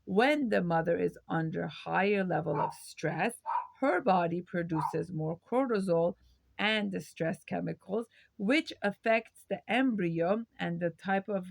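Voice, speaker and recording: Woman with a low gravelly voice, dry close sound, talking thru questions to camera in her own video. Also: no echo. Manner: reflective, poses rhetorical questions, occasional fillers. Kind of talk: educational monologue to camera.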